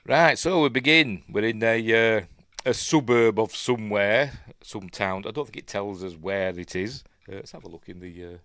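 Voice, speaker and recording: A man's voice: on the low side, normal speed, fairly bright tone, no room sound. A Yorkshire man hosting a film review stream, chatting in a rambling, self-deprecating way. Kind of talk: casual livestream commentary.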